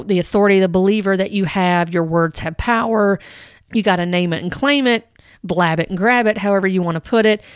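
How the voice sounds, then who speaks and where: A woman's voice: mid-range voice, clear, resonant tone, no room sound, studio quality. A woman giving earnest commentary on a religious teaching, reading quotes aloud and rebutting them point by point. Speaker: Christian commentator.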